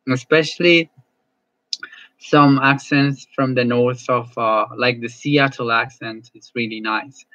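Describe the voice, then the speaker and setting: A male English teacher chatting casually as he closes an online class, friendly and halting, often repeating words. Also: mid-range voice, pushed and bright, no room sound, muffled recording.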